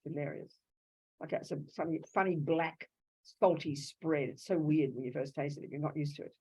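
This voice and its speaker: An Australian woman teaching Buddhism to a live audience in a lively, conversational way, often asking rhetorical questions. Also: low-pitched, normal speed, slightly rough, low-quality recording. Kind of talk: dharma talk to a live audience.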